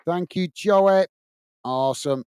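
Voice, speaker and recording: A man's voice: high voice, takes it slowly, darkish tone, slight background noise. A man hosting a football watch-along stream, reading out viewer messages and thanking each one as "mate". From England. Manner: chatty, says "mate" and "guys" a lot. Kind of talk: live stream chat.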